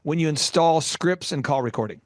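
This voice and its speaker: Hosting a business podcast, a man who works as a business coach interviews his guest in a higher-pitched voice at a moderate pace. The studio-quality recording is dry, and his delivery is emphatic and energetic as he performs the quoted voices of characters in his anecdotes.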